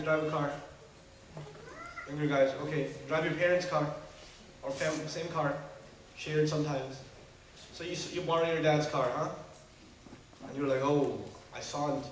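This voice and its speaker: A man with a fairly high voice gives a lively sermon, firing rhetorical questions and humorous asides at the crowd. He sounds distant from the mic, with heavy room echo and faint background noise. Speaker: preacher. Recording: echoey hall from far off.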